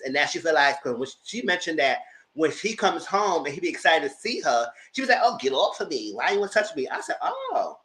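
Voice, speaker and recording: A man's voice: a little high, a bit bright. A man giving casual, slangy, gossipy commentary while reviewing reality TV. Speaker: TV show reviewer.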